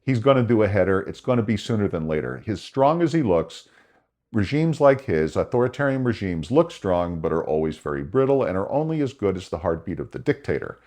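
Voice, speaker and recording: Older american guy doing his own podcast, real low voice, rambly and wry, fixes himself mid sentence. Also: sing-song, brisk, warm tone. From United States. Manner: chatty, self-correcting, wry asides. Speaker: podcast host. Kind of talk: casual commentary monologue. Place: home setting in Phoenix.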